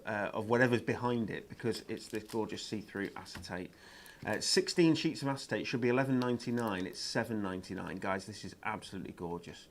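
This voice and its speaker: A man presenting craft products on a live shopping show, chatty and enthusiastic, with lots of ums and uhs. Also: mid-range voice.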